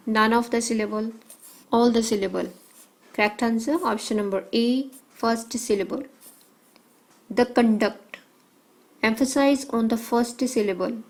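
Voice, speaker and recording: A woman teacher working through exam questions, reading out options and answers in short measured phrases. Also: a little high, low-quality recording.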